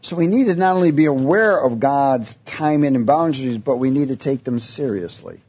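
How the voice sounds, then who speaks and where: Husky-voiced man preaching. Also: mid-range voice, lively intonation, normal speed, a little mellow. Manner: storytelling, quoting voices in his tale. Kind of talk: sermon with personal story.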